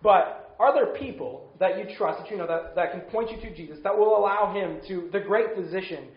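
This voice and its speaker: A man in his thirties with a high voice gives a relaxed, conversational sermon. He leans on filler words and keeps the tone chatty. The recording sounds roomy and a little muffled. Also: fairly quick. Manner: casual, conversational preaching with frequent "like" fillers. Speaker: pastor.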